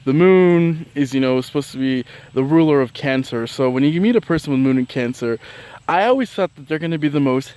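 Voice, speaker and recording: A man's voice: on the high side, animated, a little fast, a little mellow, clean tone, no echo. A man chatting casually about astrology in a vlog, rambling with lots of fillers and restarts and often breaking into laughter between points. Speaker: vlogger.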